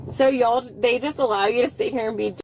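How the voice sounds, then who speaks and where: High-voiced woman arguing with police, defiant. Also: brisk, slight background noise. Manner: defiant, mocking, breaks into shouting and laughter. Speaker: arrested driver. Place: police car, bodycam. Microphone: officer's body camera.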